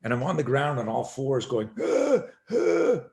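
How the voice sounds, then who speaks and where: A middle-aged man, a self-defense instructor, telling an animated story as a podcast guest and acting out the voices in it. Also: medium pitch, fairly quick, creaky.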